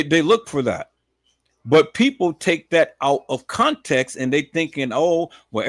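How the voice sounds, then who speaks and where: A man hosting a live stream, talking in a preachy, repetitive way that swings from low muttering to loud emphatic shouting. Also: dry recording. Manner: preachy, repetitive, addresses viewers as peoples.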